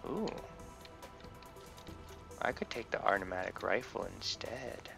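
Young male let's-player, unhurried, gravelly, goofy trash talk. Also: mid-range voice, lively intonation, a bit bright. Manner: goofy, playful trash talk to game characters. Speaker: let's play gamer. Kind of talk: casual gameplay commentary. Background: game music and gunfire.

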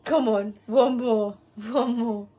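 A young woman talks her way through a makeup session while clearly drunk. Her voice sits a little high and wanders in a loose, rambling way, full of casual swearing. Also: fairly even intonation, takes it slowly, mellow. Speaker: vlogger.

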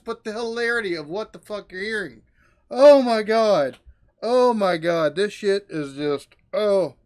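An American man hosting a reaction video, laughing hard and swearing as he reacts. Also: sits high. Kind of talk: casual reaction commentary.

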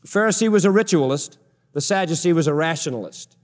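A man's voice: fairly high pitch, animated, fast, long reverb tail. A male pastor preaching a sermon emphatically, stressing his points with repeated parallel phrases.

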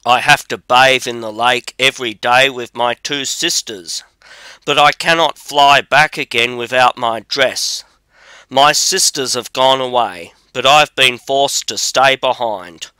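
A man's voice: mid-range voice, a little slow, sharp tone, clean tone, no room sound. A man reading as a pleading enchanted princess.

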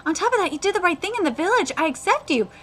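A solemn, weeping giant of a monk swordsman, read aloud by a woman. The lines come in a high, bright voice that swings freely in pitch. It is plain manga read-aloud with no real put-on voice. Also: sing-song, very fast, heavily acted. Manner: reads manga dialogue aloud in her own voice.

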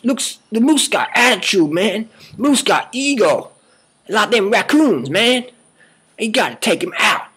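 A smug, boastful health guru in his forties, spoofed by a man, rambling on in a mocking parody monologue. The voice sits a little high and rings sharp and bright. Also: slightly rough, full character voice.

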